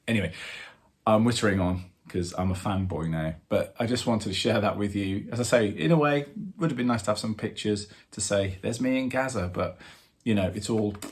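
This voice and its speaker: Animated man telling a story. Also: fairly low pitch. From England. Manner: animated, excited fan storytelling with many fillers. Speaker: drummer and channel host. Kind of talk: casual storytelling to camera.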